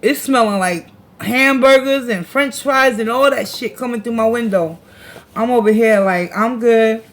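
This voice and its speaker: A woman's voice: fairly high pitch, a little slow. A woman hosting a casual livestream, chatting with viewers in a slangy, laughing way and reading their comments aloud. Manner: slangy, laughs a lot, talks to chat. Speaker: tarot reader and livestream host.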